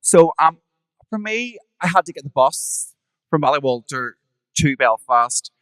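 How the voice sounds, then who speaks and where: A man with a Northern Irish accent, a drag performer who drops sharp, camp one-liners between his memories. His voice sits a little high and is recorded close and dry. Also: animated, measured pace, no room sound. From Northern Ireland. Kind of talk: live podcast storytelling.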